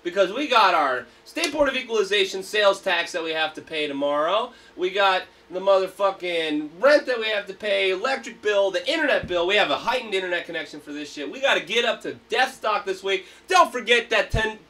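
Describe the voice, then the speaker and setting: Bright-voiced man hosting a livestream. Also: high-pitched, lively intonation, a little fast, few pauses, far from the mic. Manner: hyped, profane ranting. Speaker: livestream host. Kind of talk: casual livestream banter.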